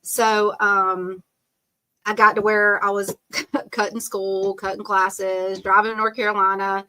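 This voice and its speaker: A middle-aged woman with a bright, clear tone tells a long personal story on a podcast. She rambles loosely, fills pauses with "um" and "like" and laughs easily. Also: medium pitch, flat delivery, slight background noise. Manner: chatty, rambling, full of "um" and "like", laughs often. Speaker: podcast guest. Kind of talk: casual storytelling interview.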